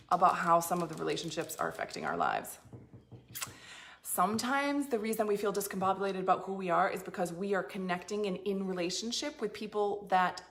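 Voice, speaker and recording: A woman's voice: mid-range voice, fairly bright tone. A woman business coach giving a blunt, emphatic motivational talk to her followers, swearing freely and acting out inner doubts. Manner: emphatic, blunt and swearing, swings into emotional acted-out inner monologues.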